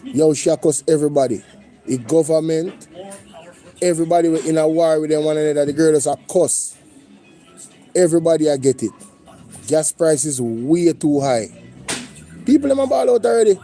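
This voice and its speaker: A Jamaican man talks loosely through a reaction stream, drifting between English and patois. His voice is mellow and sits a little high. Faint music plays under his talk. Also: steady tone, normal speed, long pauses. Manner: conversational, lapsing into patois. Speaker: reaction channel host. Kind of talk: casual commentary with livestream shout-outs.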